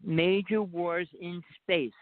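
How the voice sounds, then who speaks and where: A man's voice: high-pitched, steady tone, slow, dry recording. A man with a New Jersey accent, a guest talking insistently in a rambling phone conversation and pushing on over interruptions. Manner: insistent, talks over the other speaker. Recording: dry tinny phone line.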